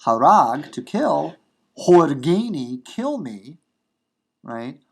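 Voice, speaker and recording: A man teaching a grammar lesson, going slowly and repeating and rephrasing each example, with frequent fillers and restarts. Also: on the high side, sing-song, vocal fry, slightly rough. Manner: unhurried, repeats and rephrases for emphasis, many fillers. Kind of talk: recorded grammar lecture.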